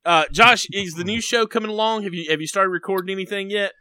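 Bright high-voiced male podcast host. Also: fast, no room sound. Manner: joking, puts on a Southern drawl at first. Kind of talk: casual podcast chat.

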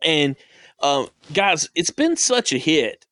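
Lively, teasing man hosting a podcast. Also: on the high side, slow, no room sound, studio quality. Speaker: podcast host. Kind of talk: casual podcast chat.

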